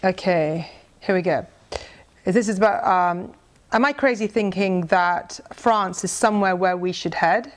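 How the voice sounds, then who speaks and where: A woman's voice: lowish voice, unhurried. A middle-aged woman giving a conversational, earnest faith testimony to a church group, with frequent restarts. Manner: conversational, earnest, with many restarts and reading aloud a prayer. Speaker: speaker sharing a mission testimony.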